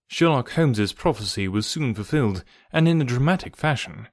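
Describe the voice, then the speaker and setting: A man reading a storybook as narrator, in a steady, even manner. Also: medium pitch, fairly quick, hardly any pauses, dry recording, clean studio sound. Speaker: audiobook narrator.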